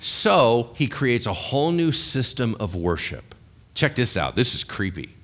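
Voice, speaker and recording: A man preaching a sermon, telling a Bible story with animated acted-out voices and asking his listeners questions. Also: medium pitch, a little slow. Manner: animated storytelling, acts out quoted voices, asks the audience questions. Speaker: pastor.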